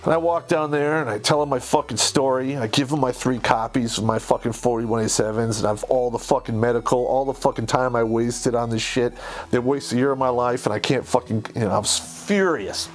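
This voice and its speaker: A man, an army veteran, telling a story of his own service in a heated, profane, animated way. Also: mid-range voice, fairly quick. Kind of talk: casual storytelling.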